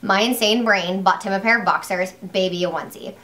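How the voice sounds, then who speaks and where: Speaking briskly in a mid-range voice, a young woman vlogger addresses her audience directly in a casual video. Her storytelling is loose and rambling, packed with "like" and false starts, and her pitch jumps when she gets excited.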